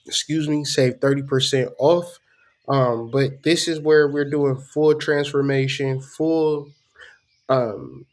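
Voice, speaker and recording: A man hosting his own channel as a spiritual teacher, ranting casually in slang and swearing freely. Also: medium pitch.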